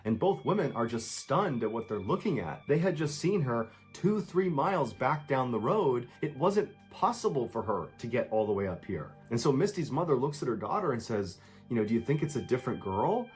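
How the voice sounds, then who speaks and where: A man's voice: medium pitch, big pitch swings, fairly quick, soft background music. A man telling true scary stories as scripted narration, with a dramatic delivery that acts out the people in the story.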